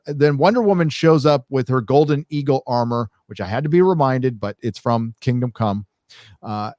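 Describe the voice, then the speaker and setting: A man's voice: mid-range voice, a little mellow, no room sound, studio quality. A man co-hosting a casual podcast movie review, rambling with lots of fillers and restarts. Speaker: show co-host.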